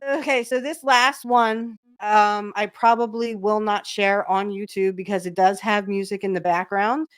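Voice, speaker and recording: A woman's voice: fairly high pitch, no room sound, clean studio sound. A woman hosting a podcast in casual chat, rambling with many fillers and restarts. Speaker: podcast host.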